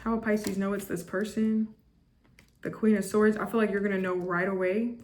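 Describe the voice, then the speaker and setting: Over some background noise, a woman at normal speed and medium pitch delivers a casual tarot reading to camera in a level tone. Her style is blunt and judgmental but chatty, full of restarts, repetition and fillers such as "like."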